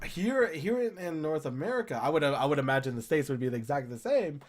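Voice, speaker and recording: A brisk, higher-than-average male voice belongs to a young Canadian podcast co-host. In a loose chat he tells a wandering story about drinking, swearing animatedly and acting out exactly what he said.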